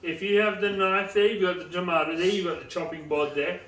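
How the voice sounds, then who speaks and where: A man, co-hosting a casual podcast in an animated, mock-defensive way. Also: sits high, fairly quick. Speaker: podcast co-host. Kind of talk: casual chat. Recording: roomy and distant, faint background noise.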